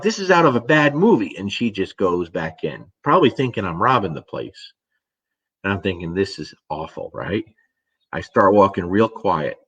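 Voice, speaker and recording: Lowish-voiced man telling a dog story. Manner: animated storyteller, swears casually, acts out his own reactions. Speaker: dog trainer answering viewer questions. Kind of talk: casual storytelling Q&A.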